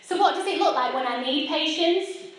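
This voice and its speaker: A woman's voice: high-pitched, moderate pace. A woman in her thirties giving a personal faith talk at a church gathering, chatty and self-deprecating as she speaks straight to her audience. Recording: echoey hall picked up from a distance.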